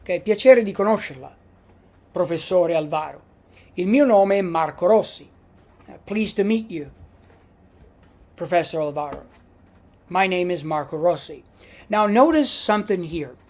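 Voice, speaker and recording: A woman's voice: on the low side, lively intonation, normal speed, pauses often, darkish tone. A woman giving a classroom lecture as a language teacher, patiently repeating each example.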